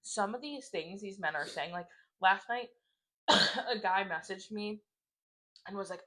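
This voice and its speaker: A woman's voice: medium pitch, a little slow, bright, forceful tone. A young woman co-hosting a casual podcast chat, talking loosely with lots of "like", swearing and laughing. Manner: reads dating app messages aloud in mocking voices. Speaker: podcast co-host.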